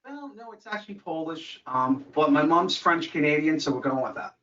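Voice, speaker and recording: A man's voice: a little high, expressive, moderate pace, a bit bright. Chatty man on an echoey, distant line. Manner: chatty, self-deprecating, storytelling. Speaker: caller, new coaching client. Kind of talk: casual conversation. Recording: echoey, dull sound from a distant mic.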